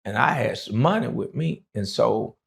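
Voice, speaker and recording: A man's voice: medium pitch, expressive, moderate pace, vocal fry, husky. A middle-aged man from Dallas, telling his life story in a rambling, casual way with many fillers. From Dallas, Texas.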